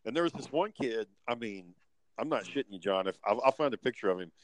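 Talking quickly in a lowish voice, this male podcast co-host recounts a convention story in a casual, profane, animated way, voicing the other people involved. Background noise runs under the audio.

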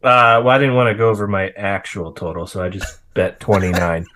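A man's voice: fairly low pitch, a little fast, bright, forceful tone. A man, a sheepish, self-deprecating quiz contestant chatting casually. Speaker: game show contestant. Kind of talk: casual chat.

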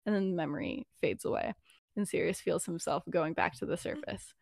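A woman's voice: fairly low pitch, a little fast, creaky, darkish tone, dry recording, clean studio sound. A young woman co-hosting a podcast, casually retelling a fan story with lots of fillers and "he's like". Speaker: podcast co-host.

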